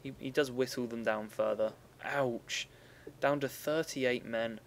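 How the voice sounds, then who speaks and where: A man's voice: medium pitch, steady tone, measured pace, a little hiss or hum. Chatty young man commenting on a game. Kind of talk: casual gameplay commentary.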